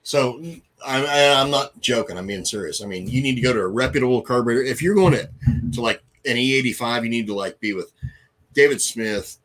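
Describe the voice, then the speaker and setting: A man's voice: medium pitch, fairly quick, fairly bright tone. A man co-hosting a casual racing livestream, joking around and swearing freely while he explains carburetors and car setup. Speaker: racing co-host.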